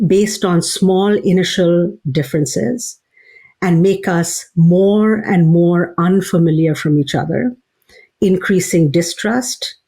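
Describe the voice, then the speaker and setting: Slow, measured woman professor. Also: fairly low pitch, mellow, husky. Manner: thoughtful, measured, many fillers and restarts. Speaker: psychology professor and author, guest. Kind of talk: interview answers.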